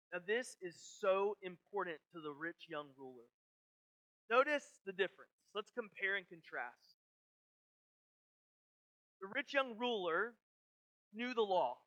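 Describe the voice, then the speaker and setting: A man in his thirties preaching a sermon, earnest, sometimes dropping very soft in prayerful moments. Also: high voice, poor audio. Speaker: pastor.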